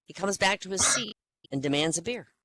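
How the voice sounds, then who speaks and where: Animated male joke teller. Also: sits high, fairly quick, no echo, rough recording. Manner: animated, acting out each character. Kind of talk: stand-up joke telling.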